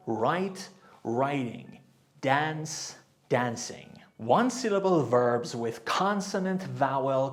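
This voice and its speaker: A man teaching an English grammar lesson, explaining slowly and deliberately and spelling words out letter by letter. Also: mid-range voice.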